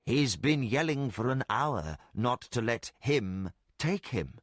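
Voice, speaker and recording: A man voicing a grave older priest who gives solemn, measured warnings. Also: medium pitch, lively intonation, dry recording, clean studio sound. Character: grave older male priest, wise and cautious.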